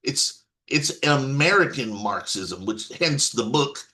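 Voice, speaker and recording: A man's voice: medium pitch, expressive, a little slow, pushed and bright. A man giving an off-the-cuff political monologue to his viewers, rambling with many restarts and blunt swearing. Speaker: political commentator.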